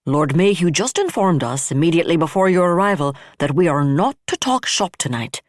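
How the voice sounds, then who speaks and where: A narrator voicing a brisk, wry female admiral who speaks firmly and solemnly. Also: medium pitch, expressive, dry recording, studio quality, lightly acted. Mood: mock-stern. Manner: firm and solemn.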